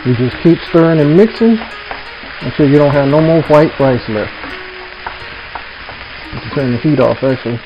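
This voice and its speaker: Pausing often as he talks, this home cook uses a fairly high voice at a moderate pace. He hosts a laid-back cooking vlog from his kitchen, speaking easy and folksy to viewers he keeps calling "y'all," while music plays and a pan sizzles in the dull, lo-fi recording.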